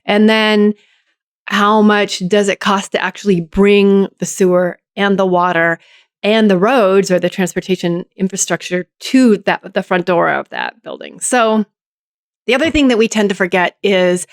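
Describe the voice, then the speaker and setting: Speaking as a guest, an Oregon city mayor works through interview questions, methodically splitting the problem into its components. She has a mid-range voice and talks a little slowly, captured in clean studio sound without echo.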